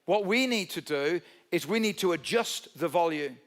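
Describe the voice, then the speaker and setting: A man's voice: high-pitched, lively intonation, fairly bright tone. A man preaching a conversational, emphatic sermon at a church service. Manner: conversational, emphatic preaching with a quickening and slowing pace. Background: live instrumental music.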